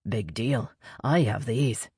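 A woman's voice: extremely low pitch, takes it slowly, a little mellow, slightly rough, dry recording, studio quality, heavily acted. A woman voicing a blunt, mocking young male elf prince who trades insults.

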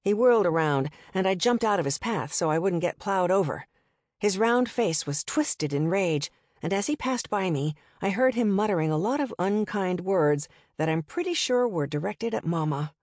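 A woman reads a first-person audiobook in a measured, even way. Her voice sits somewhat low for a woman. The recording is dry and close, with no room sound. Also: no echo. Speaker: audiobook narrator.

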